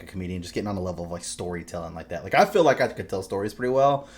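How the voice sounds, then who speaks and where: A young man with a lowish voice chatting on a podcast, telling stories about his baby daughter. He swears freely and gets loud and animated at the punchlines. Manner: profane, animated storytelling. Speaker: podcast co-host. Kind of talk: casual chat.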